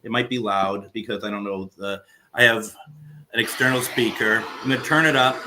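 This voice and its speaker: A man talking casually from his home as he runs a spirit box session, halting and restarting as he searches for words. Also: fairly low pitch, fairly even intonation, bright, forceful tone, slight background noise. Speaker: paranormal radio host running a spirit box session. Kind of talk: casual live session chat.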